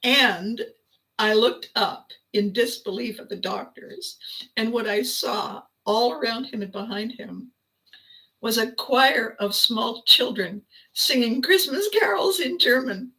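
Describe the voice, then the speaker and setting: An older woman hosting her own video, telling a personal story in a casual, animated way with frequent laughter. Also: fairly high pitch, slow, rough recording. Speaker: vlog host.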